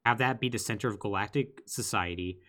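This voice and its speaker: A man co-hosting a podcast, telling a game's story in casual, lively chat with quick asides. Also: on the low side. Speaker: podcast co-host. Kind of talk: casual chat recapping a video game.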